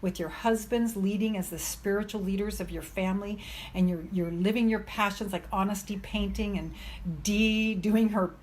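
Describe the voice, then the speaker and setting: A woman's voice: medium pitch, fairly even intonation, moderate pace, a little mellow, a little hiss or hum. Woman, self-love coach, live stream pep talk, emphatic, chatty, filler-heavy.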